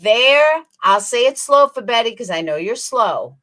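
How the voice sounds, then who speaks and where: A woman's voice: fairly high pitch, expressive, a little slow, few pauses, a bit bright. A woman hosting a commentary channel, reading legal text aloud and mocking the people she reacts to with sarcasm.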